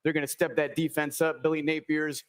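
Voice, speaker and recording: A man's voice: on the high side, level tone, brisk. A man making upbeat college football picks on a broadcast, in a clipped sports-talk delivery. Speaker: guest picker on a sports broadcast clip.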